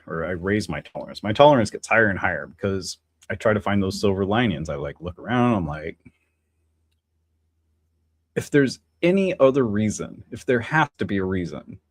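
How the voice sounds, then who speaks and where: Rambling, musing man with a lowish voice. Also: big pitch swings, normal speed, no echo. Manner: many fillers and restarts, chatty asides to viewers. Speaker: livestream host. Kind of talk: casual solo livestream chat.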